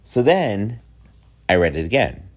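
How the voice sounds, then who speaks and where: A young man hosts his podcast alone, with a low, deep voice. He talks candidly, with sass and a campy flair. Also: very animated, measured pace. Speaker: podcast host. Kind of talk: casual solo podcast chat.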